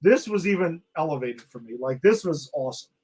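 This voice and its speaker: Male podcast co-host, animated and profane, breaks down an episode in casual chat, voice pitched a little high. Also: a little fast, husky. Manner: excited, swears freely, acts out quotes.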